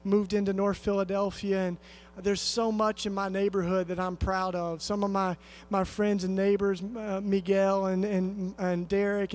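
A man from East Tennessee giving an earnest, conversational sermon-style talk at a conference, telling a story with lots of fillers and restarts. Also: high-pitched. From East Tennessee, USA. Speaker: conference speaker.

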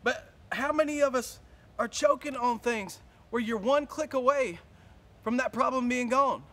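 A male pastor preaching a sermon, telling a story in a lively, casual way and acting out his own panic. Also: very high voice, a little slow.

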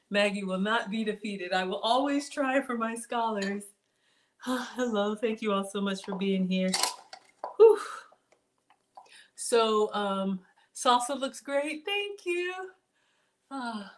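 A woman's voice: mid-range voice, a little hiss or hum. Chatty woman hosting a cooking stream. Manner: chatty, addresses viewers by name and reads their comments. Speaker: cooking channel host. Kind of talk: live-streamed cooking chat. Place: home kitchen.

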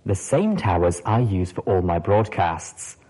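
Man playing teasing mare pony broadcaster, husky, lively lilt, fond. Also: low voice, unhurried, heavily acted, poor audio. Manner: playful, teasing, gentle. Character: adult female pony radio host, teasing and fond.

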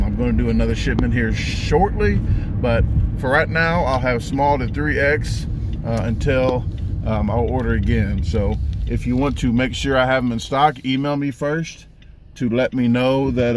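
A man with a Midwestern American accent, vlogging in a casual, folksy, rambling way, full of filler words, while driving. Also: mid-range voice. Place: in a car on the road. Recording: car road noise behind.

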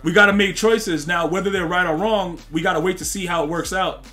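A man's voice: sits high, steady tone, fairly quick, sharp tone, soft background music. A man streaming a football video game, chatting casually with his chat in heavy slang and trash-talking the players. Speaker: gaming streamer. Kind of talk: casual live-stream commentary.

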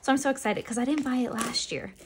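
A woman's voice: sits high, fairly even intonation, fast talker, a little hiss or hum. A woman chatting casually as she unboxes merchandise, chatty and self-deprecating with giggly asides. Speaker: unboxing vlogger.

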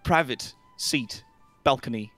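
A man's voice: mid-range voice, slow, a bit bright, dry recording, soft background music. A man voicing a confident noble woman adventurer, cool and matter-of-fact.

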